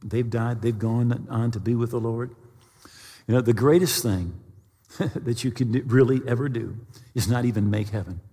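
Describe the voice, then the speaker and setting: A man preaching a sermon, telling a story with dramatic slowdowns and stammered restarts. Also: medium pitch, fairly even intonation, mellow, breathy edge, big-room sound.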